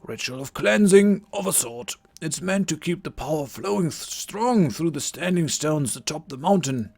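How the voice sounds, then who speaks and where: A man voicing an eccentric old male druid hermit with a strained, reedy old voice, rambling slowly and condescendingly. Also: a little high, expressive, creaky, a little mellow, voice pushed up.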